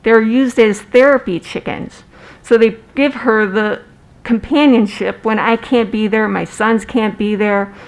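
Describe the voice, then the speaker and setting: A woman's voice: on the high side, steady tone, unhurried, low-quality recording. Earnest middle-aged woman at public comment. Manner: earnest, direct, personal. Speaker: resident speaking at public comment.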